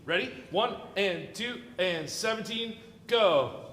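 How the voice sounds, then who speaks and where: Lively, playful man coaching an orchestra. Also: sits high, slow pace, heavy background noise. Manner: playful, encouraging, jokey. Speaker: orchestra conductor. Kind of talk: rehearsal coaching. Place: large concert hall. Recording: echoey hall with long reverb.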